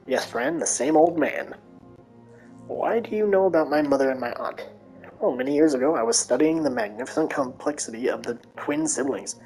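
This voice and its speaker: A woman voicing a scheming old male asylum doctor who speaks in a calm, smug, condescending manner. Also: deep voice, normal speed, creaky, faint music behind, full character voice, rough recording.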